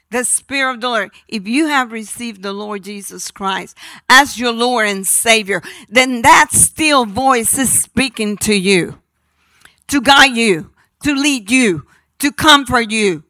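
A woman preaching a sermon, slow and emphatic, sometimes dropping her voice almost to a whisper. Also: a little high, pushed and bright, no room sound.

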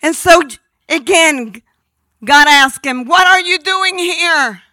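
A woman preaching a sermon, slow and emphatic, sometimes dropping her voice almost to a whisper. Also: very high-pitched, pushed and bright, no room sound.

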